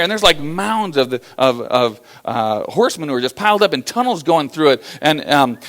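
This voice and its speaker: A man's voice: fairly high pitch, very animated, brisk, few pauses, a bit bright. A man giving a live motivational talk to an audience, telling stories in a folksy, conversational way. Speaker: motivational speaker.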